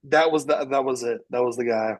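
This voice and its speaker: A man co-hosting a podcast speaks a little fast in a mid-range voice, captured on poor audio. He's enthusiastic in the casual chat and keeps checking in with his co-host, often asking "you know what I'm talking about?"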